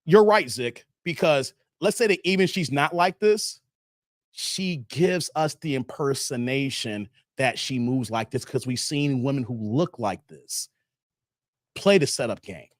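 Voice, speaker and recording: A middle-aged man hosts a live stream, chatting casually with viewers and reading their comments aloud. His medium-pitched voice has a lively lilt and a measured pace, though it sounds tired after hours on air; he laughs often and repeats himself. The recording is clean studio sound with no echo.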